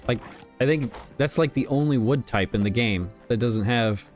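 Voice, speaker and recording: A man chatting casually on a game livestream, rambling and relaxed as he talks to his viewers while playing. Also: mid-range voice, moderate pace, faint music behind. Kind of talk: casual gaming livestream chat.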